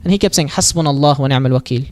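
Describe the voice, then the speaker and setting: A man telling a prophet's story at a mosque in a lively, casual way, acting out the quoted lines and using Arabic phrases. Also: mid-range voice, very fast. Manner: casual, with fillers and restarts. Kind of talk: religious storytelling talk.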